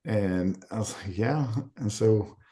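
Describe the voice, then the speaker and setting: A man's voice: on the low side, takes it slowly, dark tone. A middle-aged man from Arkansas, a podcast guest telling a candid story and acting out the quoted voices in it. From Arkansas, USA.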